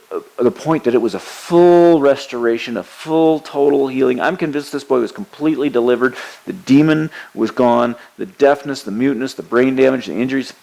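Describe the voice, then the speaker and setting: Gravelly-voiced man preaching a sermon. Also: lowish voice, low-quality recording. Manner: earnest teaching tone, quoting scripture with emphatic voices; frequent hesitations and restarts.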